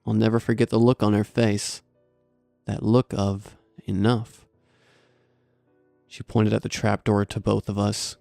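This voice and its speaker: A man narrates a horror story in steady, grim tones. His voice is low, flat and gravelly, with a dark, mellow timbre, and faint music sits behind it. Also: a little slow, pauses often, no echo.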